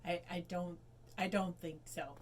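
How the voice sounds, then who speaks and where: Low-voiced woman, dry teasing off-mic remarks. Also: steady tone, unhurried, slight background noise. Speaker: listener chiming in.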